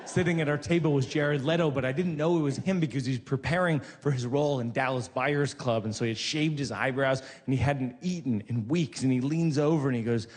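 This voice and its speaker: A man performing stand-up comedy on a theater stage, telling a story in a deadpan way with acted quotes, over audience laughter. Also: medium pitch, a little fast, few pauses. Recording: live theater recording with long reverb.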